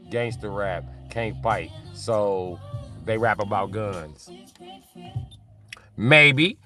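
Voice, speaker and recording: A man talking on a live stream in a low voice that swings wide and sounds bright and forceful. He trades loose, profane jokes with his chat and keeps laughing. Faint music plays under him. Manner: animated, laughing, profane banter.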